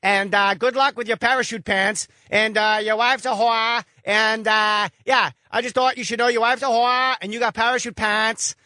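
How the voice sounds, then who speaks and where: A man putting on the voice of a petty, nagging neighbor who complains haltingly and then yells insults. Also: sits high, fairly even intonation, no echo, studio quality, voice pushed up. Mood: petty, needling. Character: whiny petty male suburban neighbor.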